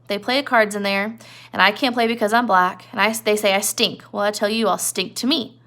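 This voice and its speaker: A curt, blunt voice of a bitter older stable hand who keeps everyone out, as a woman puts him on. It has a gravelly, forceful edge and a resentful bite. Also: medium pitch, steady tone, fairly quick, natural voice.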